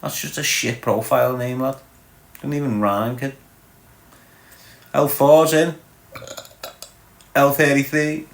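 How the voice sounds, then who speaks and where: A man's voice: medium pitch, fairly even intonation, slow pace, vocal fry, pauses often. A man with a Liverpool Scouse accent hosting a livestream, bantering crudely and teasing viewers as he reads the chat. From Liverpool, England. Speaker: livestream host reading chat. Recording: echoey room.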